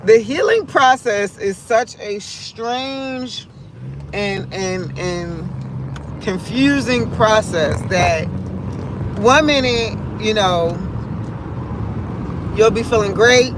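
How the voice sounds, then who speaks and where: A woman's voice: mid-range voice, slow, noisy background. A woman hosting a livestream, talking in a candid, rambling and profane way about her feelings. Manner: profane, rambling, emotionally open. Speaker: livestream host. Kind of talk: casual candid monologue.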